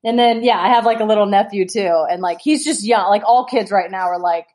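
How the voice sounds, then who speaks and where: A woman's voice: medium pitch, fast talker, hardly any pauses, a little mellow. A woman guest on a podcast, chatting casually and often using "like.". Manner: chatty, lots of "like", laughs. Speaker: guest, pro soccer player.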